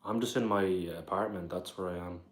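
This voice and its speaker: A man with a very low voice and a Dublin Irish accent talks loosely to his live chat from home. He rambles, leaning on "like" and "bro" as he reacts to comments. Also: fairly even intonation, fairly quick. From Ireland. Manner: rambling, says "like" and "bro" often. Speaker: livestreamer. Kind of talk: casual livestream chat, reading comments aloud. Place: his apartment.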